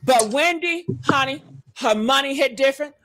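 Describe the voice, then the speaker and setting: Female streamer, commentary host; high pitch, bright tone, unhurried delivery, loud whooping exclamations. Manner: calls listeners honey and baby. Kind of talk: livestream commentary.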